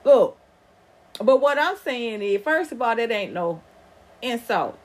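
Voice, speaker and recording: Animated, husky Southern woman host. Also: on the high side, takes it slowly. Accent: Southern US, Atlanta. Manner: animated, profane, rambling. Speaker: podcast host. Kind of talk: casual livestream chat.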